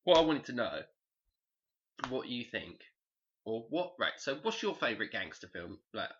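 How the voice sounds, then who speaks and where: A man's voice: mid-range voice, very animated, moderate pace, a little hiss or hum. A man co-hosting a casual podcast chat, jokey and teasing, swearing freely. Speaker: podcast co-host. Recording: dull lo-fi recording.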